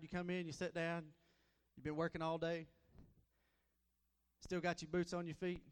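A man preaching a sermon as a guest preacher, folksy and repetitive, swinging between loud and soft. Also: on the high side, big-room sound.

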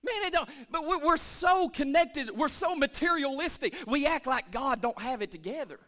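A man preaching a lively church sermon as pastor, calling for amens and swinging between shouts and hushed asides. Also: very high voice, moderate pace, hardly any pauses. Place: church sanctuary.

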